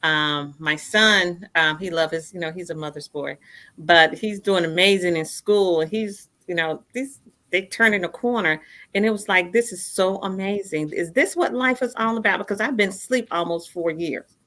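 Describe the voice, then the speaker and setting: A woman in her fifties speaks with a bright, forceful tone set a little low. She tells her own story earnestly and leans on repeated phrases to drive her points home. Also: moderate pace. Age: 50s. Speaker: guest. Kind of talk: personal storytelling in a radio interview.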